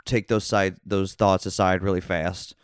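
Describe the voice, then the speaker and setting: Deep-voiced congested man, hesitant. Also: flat delivery, a little slow, clean tone, no room sound, studio quality. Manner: hesitant, self-doubting, rambling. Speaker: stand-up comedian guest. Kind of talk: casual podcast chat.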